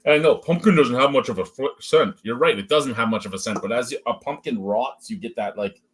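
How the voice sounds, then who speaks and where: A man with a mid-range, breathy-edged voice speaks briskly while hosting a casual beer review. He talks through smells and flavors in a chatty running commentary, swearing and joking often.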